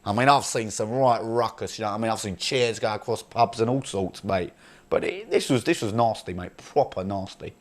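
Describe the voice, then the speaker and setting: Speaking in a natural, lowish voice at a moderate pace, a man portrays a brash, crude young male chav from Essex. He rambles boastfully in an Essex accent through an improvised comedy monologue, in a mocking mood.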